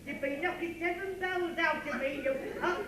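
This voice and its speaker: A man's voice: extremely high pitch, moderate pace, crowd noise. A man playing a whiny, tearful grown man in boxing gloves in a live club comedy act, stammering through sobbing complaints. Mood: whining. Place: working men's club stage. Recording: echoey club recording from far off. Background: live audience.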